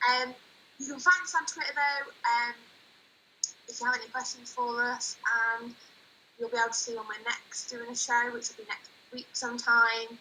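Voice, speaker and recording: A woman's voice: a little high, steady tone, normal speed, pushed and bright, a little hiss or hum, poor audio. A woman from Ireland co-hosting a casual football chat stream, giggly and hesitant. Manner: giggly, hesitant, lots of fillers. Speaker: co-host of a football chat show.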